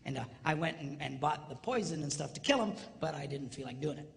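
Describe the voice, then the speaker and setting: An older man giving a humorous live marriage seminar in a large hall. He is animated, swings between loud and hushed, and acts out other people's voices. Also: on the high side, quick pace, vocal fry. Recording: long hall reverb, faint background noise.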